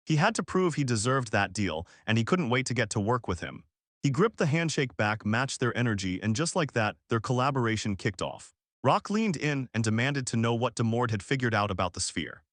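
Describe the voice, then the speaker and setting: Brief: male recap narrator, animated swings in pitch, dry close sound, slangy punchy delivery. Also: no room sound. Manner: punchy, slangy retelling with quick restarts. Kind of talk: casual story recap narration.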